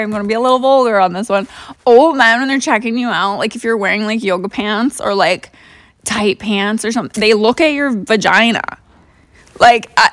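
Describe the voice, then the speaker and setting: A young woman hosts a podcast in a clean studio recording with no echo, her voice medium in pitch and fairly bright. She tells casual stories in a chatty, profane style packed with fillers.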